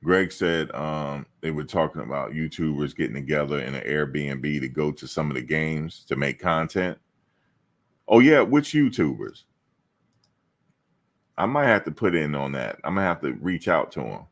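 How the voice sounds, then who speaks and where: A man's voice: very deep voice, moderate pace, few pauses, fairly bright tone. A male host of a football fan show, chatting casually in a playful, joking, slangy way and repeating himself for emphasis.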